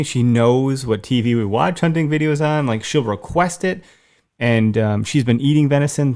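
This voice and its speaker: A man in his thirties co-hosting a casual hunting podcast, telling stories with lots of animation. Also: medium pitch. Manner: animated storyteller, acts out voices in anecdotes. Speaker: podcast co-host. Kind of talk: casual chat.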